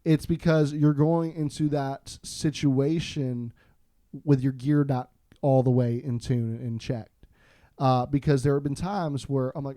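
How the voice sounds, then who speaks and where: A man from Florida, a podcast guest, telling a story in a casual, animated, self-deprecating way with frequent restarts. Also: medium pitch, a little slow, no room sound, clean studio sound.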